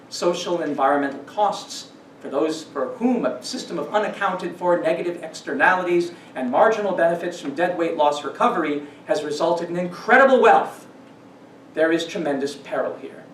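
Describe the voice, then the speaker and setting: Slightly high-voiced man lecturing in an echoey room. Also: animated, a little hiss or hum. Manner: emphatic, shifts between slow stresses and quick asides. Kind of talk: scripted lecture. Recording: roomy echo, distant mic, faint ambience.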